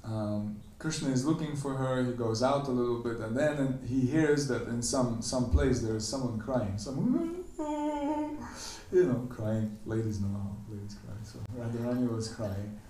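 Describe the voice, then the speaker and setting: A man giving a temple lecture, animatedly telling a story and acting out the characters' quoted lines in a higher voice. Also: steady tone, moderate pace, few pauses, dark tone, slight background noise. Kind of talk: storytelling sermon. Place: temple hall. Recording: echoey room, voice from a distance.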